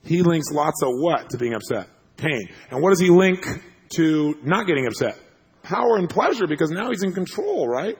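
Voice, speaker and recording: A man telling a story to an audience as a motivational speaker, animated and laughing as he acts out what people said. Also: a little high, moderate pace, slightly rough.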